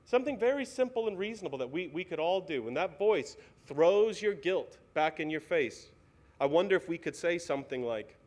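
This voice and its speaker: A man's voice: fairly high pitch, lively intonation, a little fast, darkish tone. A male pastor preaching a sermon in a church, earnest and pleading, asking the congregation many questions. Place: church sanctuary.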